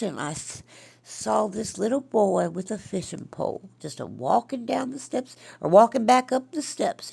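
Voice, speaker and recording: A woman voicing her elderly grandmother, with a Southern country accent and a slow, drawling, wondering way of telling a story. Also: mid-range voice, creaky, darkish tone, husky, pitched above the performer's own voice, exaggerated voice. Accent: American Southern country.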